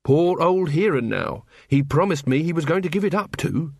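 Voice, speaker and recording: A man voicing an honest, earnest young male constable who talks calmly and cheerfully. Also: fairly high pitch, normal speed, vocal fry, breathy edge, no room sound, clean studio sound, pitched above the performer's own voice, exaggerated voice.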